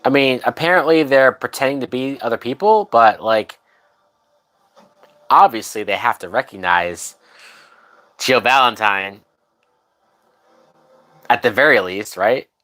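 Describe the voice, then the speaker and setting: A drunk man hosting a livestream gives casual, profane movie commentary, rambling and trailing off mid-thought. His medium-pitched voice has a sharp tone, and he speaks at a measured pace with frequent pauses.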